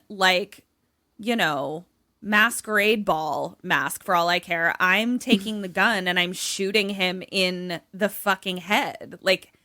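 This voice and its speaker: Podcast co-host, woman, unhurried bright voice, swears freely, indignant deadpan reactions. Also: mid-range voice, no echo, clean studio sound. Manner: profane, indignant, deadpan rants. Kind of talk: casual chat reacting to a film. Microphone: remote call.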